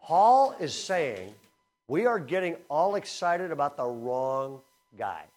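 A man preaching a sermon in a conversational style, energetic and swinging between loud emphasis and quiet asides. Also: a little high, takes it slowly. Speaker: speaker at a camp teaching session.

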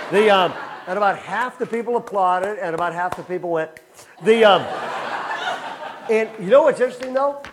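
A man preaching a sermon to his congregation, telling stories with animated bursts and slowing down for earnest, repeated emphasis. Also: sits high, noisy background. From Southern California. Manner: animated storytelling with laughter, then slow earnest emphasis. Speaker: pastor. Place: church before a congregation.

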